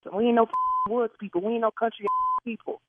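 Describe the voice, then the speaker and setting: A woman on a phone call with a radio show who swears, shouts and laughs loudly. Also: a little high, fairly even intonation, quick pace, a little hiss or hum. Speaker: prank call target. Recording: dry tinny phone line.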